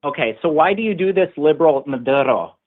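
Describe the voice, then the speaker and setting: A man's voice: fairly high pitch, quick pace. Dismissive man on a tinny line. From Minnesota. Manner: dismissive, repetitive questioning. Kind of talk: argumentative debate.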